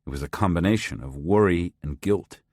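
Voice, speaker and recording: Deep-voiced male audiobook narrator. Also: darkish tone, no room sound, studio quality. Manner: measured, sober storytelling. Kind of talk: scripted first-person narration.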